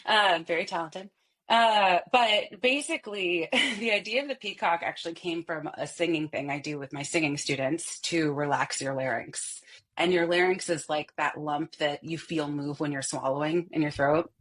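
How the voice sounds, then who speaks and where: A woman voice coach and company head explaining her work in an interview, animated and clear. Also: low-pitched, moderate pace. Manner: animated, explains with vocal demonstrations.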